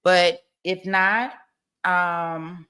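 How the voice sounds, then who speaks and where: A woman hosting a casual livestream about a trial, talking in an animated way, laughing often and acting out mock testimony. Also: fairly low pitch, extremely slow, clear, resonant tone. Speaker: true-crime trial commentary host.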